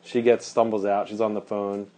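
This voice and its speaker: A man's voice: lowish voice, little pitch movement, moderate pace, dark tone. A man casually telling a rambling story on a podcast, with lots of fillers and laughs.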